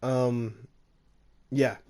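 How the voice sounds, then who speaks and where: A man's voice: mid-range voice, little pitch movement, drawn-out words, dark tone. A man casually narrating a fan-made story, rambling with lots of fillers and laughing at his own slips.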